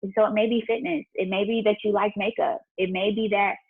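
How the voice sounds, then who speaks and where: A woman with a husky, breathy voice chats openly and warmly about faith and business, speaking straight to her followers. The audio is thin and tinny, like a phone call. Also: medium pitch, steady tone, fast talker. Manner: chatty and faith-driven, talking straight to viewers. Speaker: entrepreneur and business mentor. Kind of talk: casual livestream Q&A chat.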